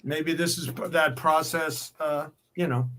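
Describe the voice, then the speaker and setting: Male dealer, slow unhurried delivery, bright tone, admiring pitch. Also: steady tone. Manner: slow, admiring, musing over artwork. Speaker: comic art dealer. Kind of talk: live sales stream chat.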